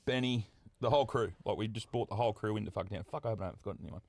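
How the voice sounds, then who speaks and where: A man's voice: fairly low pitch, very fast, no room sound. An Australian man hosting a podcast, telling stories in casual chat, swearing freely and acting out what people said. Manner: swearing, animated storyteller acting out quotes. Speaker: podcast host.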